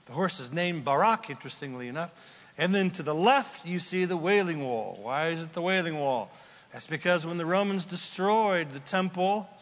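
Excited pastor guy, playful sermon, bit high voice, big echoey church hall. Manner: enthusiastic, playful, conversational. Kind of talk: sermon with slides. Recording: long hall reverb.

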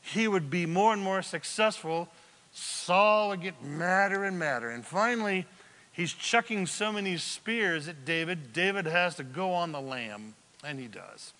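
A male pastor preaching a sermon, telling the story with animated, joking asides. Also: high voice, measured pace. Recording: long hall reverb.

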